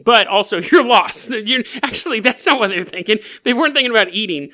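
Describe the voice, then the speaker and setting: A podcast host tells a strange story with playful jokes, giggling through his lines and riffing off on tangents. His voice is high, bright, and forceful, expressive and a little fast, suited to comedic storytelling narration.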